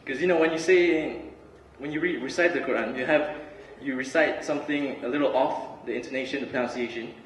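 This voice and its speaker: A man's voice: medium pitch, brisk, few pauses, slight background noise. Young man talking in an echoey hall. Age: young adult. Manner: relaxed, chatty, many fillers and restarts. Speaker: student speaker. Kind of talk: casual student talk and spoken word. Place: large hall. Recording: roomy hall recording from far off.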